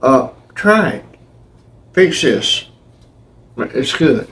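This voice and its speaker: A man's voice: mid-range voice, big pitch swings, extremely slow, fairly bright tone, recorded from a distance, slight background noise, rough recording. An older man with a Kentucky accent, the host's husband, talking in a folksy, easygoing way while he tastes the food.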